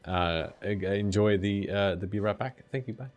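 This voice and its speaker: A man running a tabletop game as game master, narrating calmly and slowly. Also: fairly low pitch, lo-fi sound. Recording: echoey room with faint noise.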